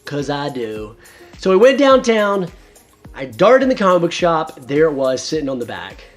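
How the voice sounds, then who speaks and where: A man's voice: fairly high pitch, moderate pace, faint music behind. A man in his thirties hosting a casual video review, talking enthusiastically. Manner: enthusiastic, animated. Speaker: host.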